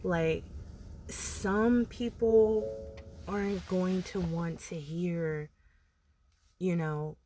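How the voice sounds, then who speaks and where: A woman's voice: lowish voice, steady tone, extremely slow, long pauses, mellow, soft background music. A woman giving casual motivational advice to camera, rambling and full of "like", with laughs between thoughts. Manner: rambling, filler-heavy, frequent "like". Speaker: motivational vlogger.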